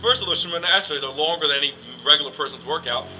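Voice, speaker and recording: A man's voice: fairly high pitch, very fast, noisy background. A young man, rambling through a casual comic rant with many "like"s and "I mean"s. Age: young adult. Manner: rambling, joking, full of "like" and "I mean". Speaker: yeshiva student comic.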